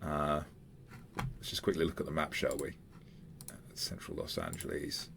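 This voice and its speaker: A male game master with a very low voice narrates a tabletop game in a halting way, pausing and restarting as he goes. A faint hiss sits under the recording. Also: big pitch swings, vocal fry, fairly bright tone. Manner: halting, with many fillers and restarts.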